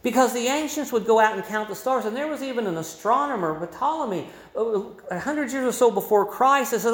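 Male pastor, sermon, lively rising and falling delivery, conversational teaching, roomy echo. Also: extremely high pitch, fairly quick, few pauses. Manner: expository, conversational preaching with emphatic quoted voices.

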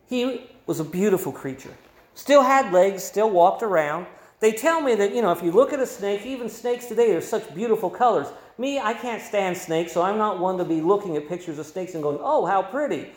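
A man preaching a sermon, reading scripture aloud and explaining it in a measured teaching manner. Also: high-pitched, animated, echoey room.

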